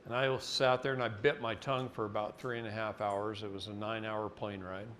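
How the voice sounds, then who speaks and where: A man's voice: level tone, a little fast, a bit bright, a little hiss or hum. A man from Oregon giving a seminar lecture, blunt and folksy, telling a story and then explaining a point. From Oregon, United States. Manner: folksy and blunt, acts out quotes with jumps in pitch. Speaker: seminar speaker.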